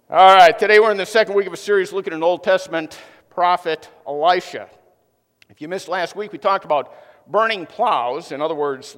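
A man preaching a sermon to his congregation, telling a joke with lively energy and sometimes repeating words as he builds up. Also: a little high. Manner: lively storytelling, repeats words when excited. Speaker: pastor. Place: church sanctuary. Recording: long reverb of a large hall.

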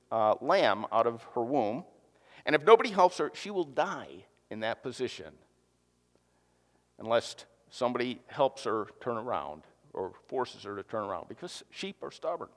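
A man preaching a sermon to a congregation, joking and lively, with asides to the audience. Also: medium pitch. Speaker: pastor. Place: church hall. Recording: long hall reverb.

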